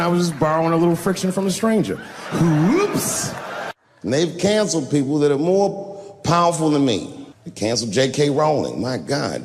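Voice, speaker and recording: A man doing a stand-up storytelling set, animated and lively, acting out the other characters in his stories. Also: a little high. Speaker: stand-up comedian. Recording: reverberant hall, faint hiss.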